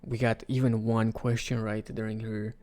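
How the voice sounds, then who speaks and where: Low-voiced man rambling casually. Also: moderate pace. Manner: rambling, with sudden excited outbursts. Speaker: video creator. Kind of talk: casual commentary ranking game characters.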